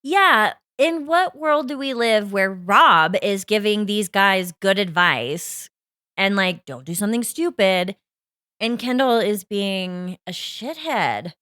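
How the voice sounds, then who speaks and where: A woman co-hosting a podcast in casual chat, expressive and reacting loudly with groans and exclamations. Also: mid-range voice, slow pace, no room sound, clean studio sound. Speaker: podcast co-host.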